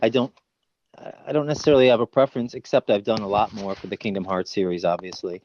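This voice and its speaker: A man's voice: on the low side, fast, lo-fi sound, a little hiss or hum. A man in a casual podcast interview, telling stories with energy and dropping into character voices now and then. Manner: animated storyteller, breaks into character voices. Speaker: voice actor guest.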